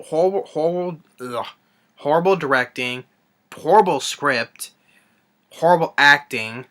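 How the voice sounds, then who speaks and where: A young man ranting through a movie review, exasperated and halting, with many restarts and trailing sighs. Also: medium pitch, bright, forceful tone, smooth.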